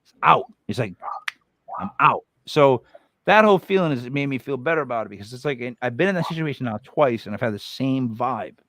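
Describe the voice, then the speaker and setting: A man's voice: medium pitch, lively intonation, fairly quick, fairly bright tone, no echo, low-quality recording. An American man hosting a podcast, chatting casually in a blunt, joking way and swearing freely. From United States. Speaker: podcast host.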